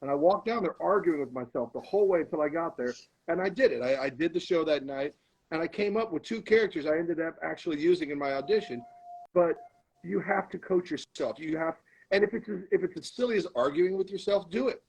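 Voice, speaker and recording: Guest spot: middle-aged man, husky, slightly higher voice, lively storyteller who acts out scenes. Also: a little fast, low-quality recording. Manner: animated storyteller, acts out arguing with himself. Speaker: guest, comedian and actor. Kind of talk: storytelling in a podcast interview.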